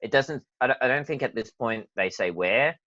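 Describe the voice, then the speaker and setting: A man's voice: medium pitch, expressive, normal speed, pushed and bright, no room sound, muffled recording. A man co-hosting a podcast, chatting in an easygoing, agreeable way about a cartoon. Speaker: podcast co-host. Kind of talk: casual chat reviewing a cartoon.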